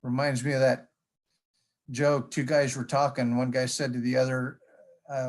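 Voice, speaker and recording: A man's voice: mid-range voice, little pitch movement, normal speed, long pauses. A man giving a conference presentation in a folksy storytelling manner, with jokes along the way. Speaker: conference speaker. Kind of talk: presentation talk.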